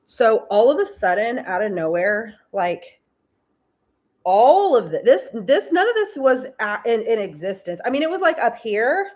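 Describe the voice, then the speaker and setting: A woman's voice: fairly high pitch, measured pace. A woman hosting a casual spiritual talk from her home, telling stories animatedly and acting out her conversations with God. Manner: animated storytelling, acting out her talks with God in shifting voices. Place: at home, indoors.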